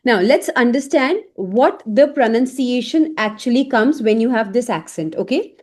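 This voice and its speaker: Woman language teacher, bright animated delivery, patient drills and frequent check-ins. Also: fairly high pitch. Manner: explains slowly with repeated words and frequent "okay?". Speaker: French teacher. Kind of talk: online language lesson.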